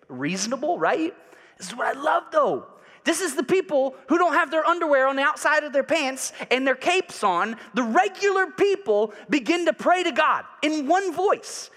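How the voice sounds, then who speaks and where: High, bright-voiced preaching man in a hall. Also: big pitch swings, normal speed. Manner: swings from loud preaching to quiet confiding asides; leads congregation in call and response. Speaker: pastor. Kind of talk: sermon. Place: church sanctuary.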